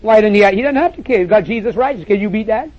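Speaking fast and expressively in a voice that sits high, a man preaches a sermon, emphatic and direct, repeating phrases and calling on listeners to listen. He's before an audience in a church or meeting hall. The recording is dull and lo-fi, with slight background noise.

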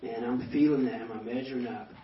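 A pastor giving a personal testimony to a banquet audience, telling it as animated stories with self-deprecating humor. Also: male voice, mid-range voice, fast. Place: banquet hall. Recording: echoey hall, distant mic, dull sound.

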